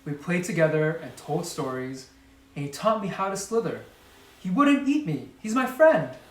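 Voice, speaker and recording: A man voicing a young frog boy, cheerful and eager, in a high excited child voice. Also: moderate pace, echoey room, far from the mic, lightly acted.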